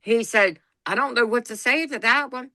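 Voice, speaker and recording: A woman's voice: on the high side, normal speed, bright, forceful tone, no room sound. A woman co-hosting a podcast, telling a family story in a folksy, blunt way. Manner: folksy, blunt, laughs through her stories. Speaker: podcast co-host. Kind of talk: casual storytelling chat.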